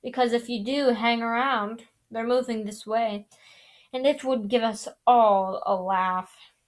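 A woman's voice: on the high side, fairly even intonation, measured pace, lightly acted. A woman voicing an arrogant teenage boy wizard who taunts in a drawling way. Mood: sneering.

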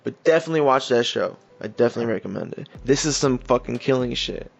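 A man's voice: mid-range voice, animated, fast, vocal fry, husky, muffled recording. A man hosting a casual true-crime podcast, talking loosely with plenty of swearing and reading articles aloud with offhand asides. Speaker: podcast host.

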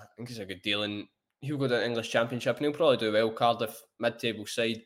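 A man co-hosting a football podcast, weighing points in a measured way. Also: on the low side. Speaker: podcast co-host. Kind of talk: casual football chat.

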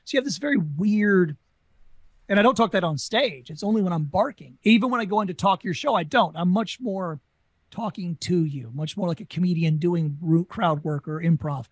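A Southern US man tells carnival stories in a quick, animated interview voice. His pitch sits high for a man. The sound is dry and close. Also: no room sound. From Southern United States. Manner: fast, animated talker. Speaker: guest, former carnival talker. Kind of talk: casual storytelling interview.

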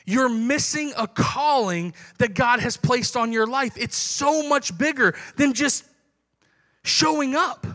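A man's voice: very high-pitched, slow pace, bright, forceful tone. A young man preaching a sermon to his congregation in a conversational way, acting out little dialogues.

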